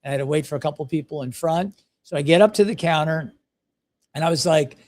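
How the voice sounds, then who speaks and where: A man's voice: fairly high pitch, fast, darkish tone. A man, hosting a podcast and telling casual, self-deprecating stories. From United States. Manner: chatty, self-deprecating, anecdotal. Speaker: podcast host. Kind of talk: casual storytelling.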